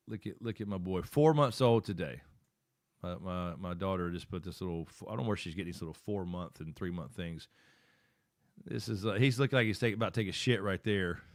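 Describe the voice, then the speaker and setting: A man's voice: deep voice, normal speed, dry recording, studio quality. A middle-aged man hosting a live stream. He chats casually and rambles, thinking aloud while he works his screen.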